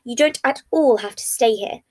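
A woman's voice: a little high, normal speed, darkish tone, natural voice. A woman voicing a formal, precise young man who comforts a friend with careful wording, in a fan fiction reading. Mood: gentle.

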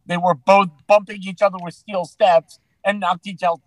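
A man's voice: high voice, flat delivery, moderate pace, fairly bright tone, no room sound, low-quality recording. A man hosting a podcast in casual chat, easygoing as he moves the talk along. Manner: easygoing, hands topics to others. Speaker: podcast host leading the segments.

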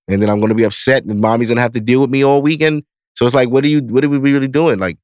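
A podcast host in his thirties tells stories in a lively, casual way, swearing freely and laughing as he goes. His mid-range voice is captured with studio quality and no room sound.

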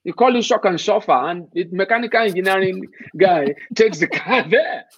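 A man's voice: high voice, lively intonation, moderate pace, no room sound. A man from Nigeria, speaking emphatically as an interview guest and posing rhetorical questions. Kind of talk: conversational interview. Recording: dull, muffled dry sound.

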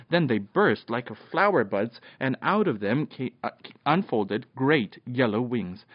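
A father reading a children's storybook aloud at bedtime, animated, with occasional slips and restarts. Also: mid-range voice, dry recording. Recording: dull, dry lo-fi home recording.

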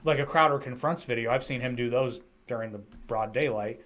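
American guy rambling on his podcast, opinions everywhere, mid pitch, lots of restarts. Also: fairly quick, a bit bright. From United States. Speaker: podcast host. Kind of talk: casual podcast chat.

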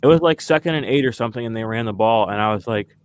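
A man's voice: mid-range voice, fast talker, clear, resonant tone, no room sound. A man co-hosting a podcast, chatting casually and ranting with exasperation, full of fillers. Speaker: podcast co-host. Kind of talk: casual sports podcast chat.

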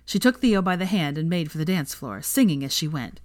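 A woman reads a fan fiction story aloud with a somewhat low voice. She is expressive and now and then adds asides to her listener. The recording is dry and close, with no room sound. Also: brisk, dry recording.

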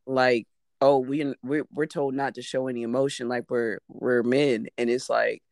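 A woman in a casual podcast chat, talking in an expressive, emphatic way and laughing loudly. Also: extremely low pitch, moderate pace, no echo, studio quality.

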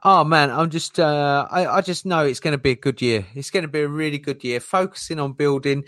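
A man's voice: fairly high pitch, fairly quick, hardly any pauses, fairly bright tone, dry recording. Rambling man, dry close voice. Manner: rambling, heavy on fillers like "you know". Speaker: co-host. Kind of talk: casual livestream chat.

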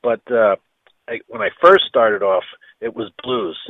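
A man, a guitarist guest on an interview, telling stories and acting out quoted dialogue with lively energy. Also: medium pitch, a little slow, gravelly, phone-quality sound, slight background noise. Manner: animated storyteller who acts out quoted dialogue. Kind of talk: storytelling interview.

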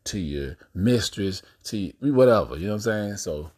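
A man's voice: lowish voice, lively intonation, normal speed, a little mellow. A man hosting a podcast, talking to his listeners in a blunt, profane, casual monologue. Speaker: podcast host.

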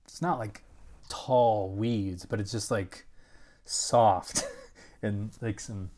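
Rambling, animated man with a lowish voice. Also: drawn-out words. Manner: rambling, animated, full of "like" and restarts; acts out other people's lines. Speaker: interview guest. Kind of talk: casual storytelling.

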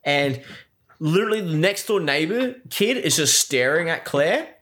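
A man's voice: a little high, very animated, moderate pace, fairly bright tone. A man in a casual, exasperated movie recap rant, swearing a lot and saying "like" constantly. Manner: exasperated, profane, full of filler likes.

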